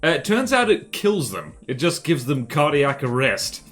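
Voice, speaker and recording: A man's voice: fairly high pitch, wildly swooping pitch, normal speed, fairly bright tone, faint music behind. A man streaming while drawing, chatting casually, muttering to himself and joking with viewers. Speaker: art streamer.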